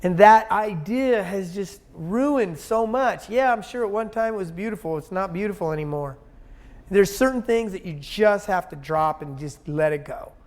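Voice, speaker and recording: A man's voice: high voice, lively intonation, moderate pace. A man talking as an interview guest, blunt and emphatic, swearing freely and rambling with many restarts. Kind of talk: casual conversational interview.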